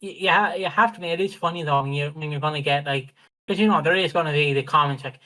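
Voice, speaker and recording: A man's voice: fairly high pitch, fast, sharp tone, poor audio. An Irish man co-hosting a podcast, speaking in a frank, rambling casual chat full of fillers. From Ireland. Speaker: podcast co-host.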